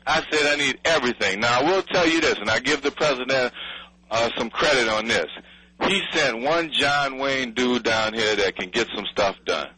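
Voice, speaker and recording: Husky New man, angry and blunt, heard over radio audio. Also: mid-range voice, normal speed, sharp tone, no echo, rough recording. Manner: furious, blunt, swearing, pleading. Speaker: city official interviewed by radio.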